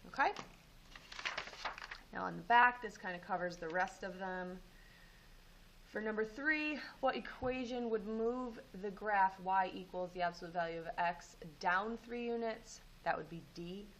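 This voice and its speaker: A woman teaching math, going over homework and walking students through steps in a relaxed way with frequent ums. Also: mid-range voice, a little slow, a little hiss or hum, rough recording. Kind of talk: homework review and lesson.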